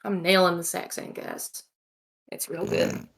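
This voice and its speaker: A woman's voice: on the low side, sing-song, a little slow, gravelly, a bit bright. Joking woman player at a game table. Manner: self-deprecating, joking. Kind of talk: casual tabletop game chat.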